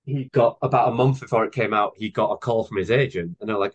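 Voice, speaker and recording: A man's voice: fairly low pitch, quick pace, few pauses, husky. A man in his thirties, a guest author, chatting casually and enthusiastically with many fillers on a podcast. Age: 30s. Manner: rambling, filler-heavy, enthusiastic. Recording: dull lo-fi podcast audio.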